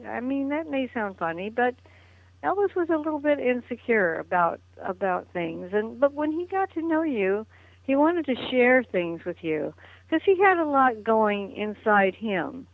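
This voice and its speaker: Chatting from home over a tinny phone line, an older interview guest reminisces in a loose, storytelling way, often breaking into laughter. Her fairly high, creaky voice swings widely in pitch and moves a little slowly, and the recording is dry with no room around it.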